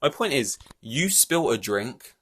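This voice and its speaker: A man's voice: medium pitch, sing-song, measured pace, fairly bright tone, slightly rough. A man hosting a solo podcast, ranting in an exasperated, rambling way with many fillers and restarts. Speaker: podcast host.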